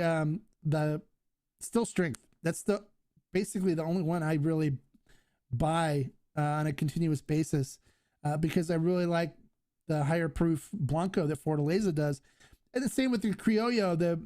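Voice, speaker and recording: A man's voice: on the high side, darkish tone. A man hosting a live-stream question and answer session, talking casually and enthusiastically with frequent fillers and restarts. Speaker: host.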